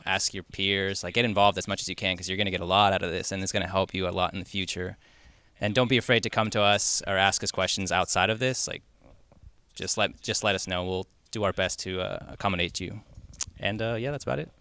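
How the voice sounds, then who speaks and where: A young man introduces himself casually and in a friendly way, often pausing on fillers. His voice is somewhat low and smooth. It is recorded close and dry. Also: pushed and bright, dry recording. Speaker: engineer mentor. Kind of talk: self-introduction at an event.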